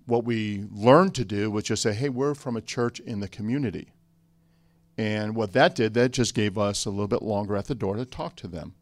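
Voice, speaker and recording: A man from the Chicago area, a pastor on a conference panel, telling stories in a relaxed way with joking asides. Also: fairly low pitch, dry recording.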